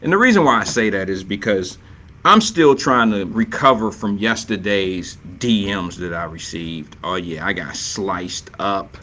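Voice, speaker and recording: A man's voice: fairly low pitch, animated, unhurried, sharp tone, a little hiss or hum. A man hosting a live stream talk show, chatting loosely with viewers and reading their comments, playful and prone to repeating his catchphrases.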